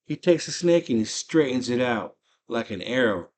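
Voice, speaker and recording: A man's voice: mid-range voice, animated, moderate pace, a little mellow. A man casually recapping a movie in slangy, enthusiastic storytelling. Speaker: movie channel host.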